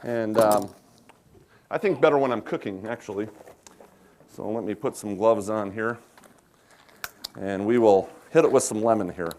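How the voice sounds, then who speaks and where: A man's voice: lowish voice, normal speed, pauses often, darkish tone, a little hiss or hum. A man from South Dakota with an Upper Midwest American accent, chatting with a live audience in a folksy, joking way while demonstrating a cooking recipe. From South Dakota, USA. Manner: chatty, folksy, self-deprecating humor. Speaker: chef giving a cooking demonstration.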